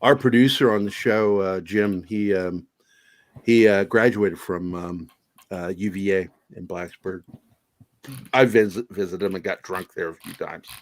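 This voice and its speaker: An older man from Virginia with no regional accent, a podcast guest telling profane, animated stories in casual chat. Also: low voice, unhurried, no echo. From Virginia, USA. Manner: profane, animated storytelling with put-on voices.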